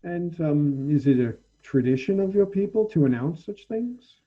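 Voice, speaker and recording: A man's voice: fairly high pitch, lively intonation, moderate pace, dark tone, muffled recording, voice pushed up. A man voicing a shrewd woman ship captain who talks in a wry, guarded way.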